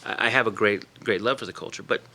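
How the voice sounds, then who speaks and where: Fast-talking animated man telling stories. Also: fairly low pitch. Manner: animated storyteller, acts out quoted voices, laughs often. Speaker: author and guest. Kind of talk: casual radio interview chat.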